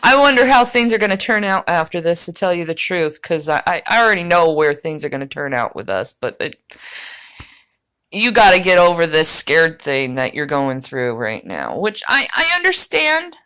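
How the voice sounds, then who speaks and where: A woman's voice: deep voice, lively intonation, normal speed, a bit bright, clear, resonant tone. A woman streaming a reaction to a video, rambling and swearing as she talks straight at the man in it. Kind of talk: casual reaction commentary.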